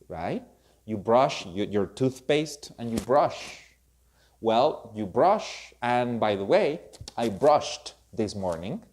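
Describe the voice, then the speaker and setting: A man teaching English pronunciation in a slow, explanatory way, repeating example words with emphasis. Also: mid-range voice, a little mellow. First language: Spanish. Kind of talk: spoken lesson to camera.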